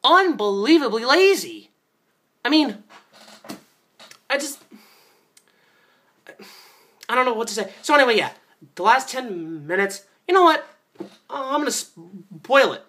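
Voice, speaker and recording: A young man at home, filmed on a handheld phone camera, ranting and swearing about a movie he hated, with yelled outbursts. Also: very high-pitched, very animated, a little slow, pauses often. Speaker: movie reviewer. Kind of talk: angry movie-review rant.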